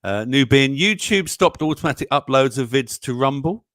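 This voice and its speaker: A man's voice: mid-range voice, lively intonation, moderate pace, a bit bright, no room sound, studio quality. A man, co-hosting a live chat show, telling stories and laughing often. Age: 60s. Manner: chatty, laughs often, tells stories animatedly. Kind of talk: casual chat reading viewer comments.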